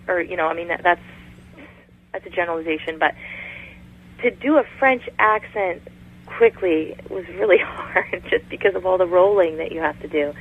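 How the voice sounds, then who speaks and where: This woman, a voice actress appearing as a guest, has a fairly low voice with a breathy edge. Calling into a casual interview, she chats at length, heard through a tinny phone connection with faint noise.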